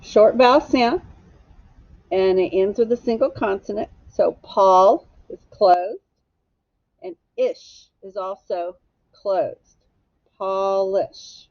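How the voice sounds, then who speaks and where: Slow, patient woman teaching phonics. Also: medium pitch, no echo, dull audio. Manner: slow, patient, spells words out sound by sound. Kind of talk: phonics lesson for young children.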